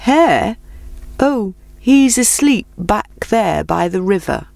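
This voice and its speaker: A woman voicing a patient, steady male tortoise in a storybook reading, slow and gentle in manner. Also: mid-range voice, gravelly, dry recording, pitched above the performer's own voice. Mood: plain.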